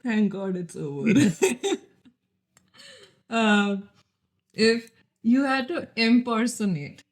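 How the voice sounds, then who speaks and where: A woman's voice: fairly high pitch, lively intonation, drawn-out words. A woman hosting a podcast, chatty and laughing as she asks long, winding questions. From India. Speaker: podcast host. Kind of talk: casual chat.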